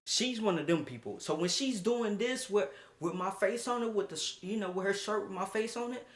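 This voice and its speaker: A young man streaming a casual storytime, slangy and animated, laughing often as he talks. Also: high-pitched, brisk.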